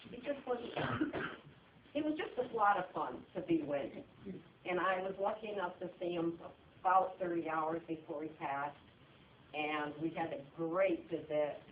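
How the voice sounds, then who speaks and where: Woman doing a eulogy at a funeral, chatty with pauses, echoey room, sounds like a phone from far off. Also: on the low side, background noise. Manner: conversational, with pauses and restarts. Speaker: eulogy speaker. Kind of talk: funeral eulogy, personal memories. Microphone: phone recording from the audience. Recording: echoey room, distant tinny phone audio.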